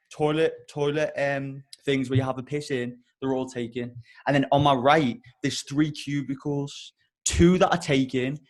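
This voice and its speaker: A young man on a podcast, telling a comic story with heavy swearing and loud, exasperated outbursts. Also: mid-range voice. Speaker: podcast co-host.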